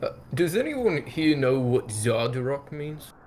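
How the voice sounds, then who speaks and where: A man's voice: medium pitch, very animated, a little slow, a little mellow, slight background noise. Guy at the game table cracking jokes, voice jumps around a lot. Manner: playful, joking. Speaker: player. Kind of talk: casual game table chat.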